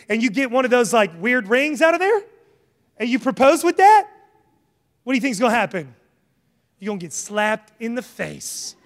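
High-voiced preacher in a reverberant hall. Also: male voice. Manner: animated, conversational preaching with jokes and acted asides. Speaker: pastor. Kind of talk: sermon.

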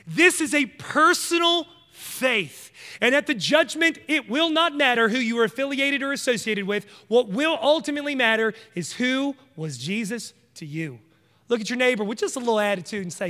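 A man's voice: very high voice, animated, moderate pace, pushed and bright, big-room sound. A man preaching a sermon, emphatic and conversational, speaking straight to his congregation.

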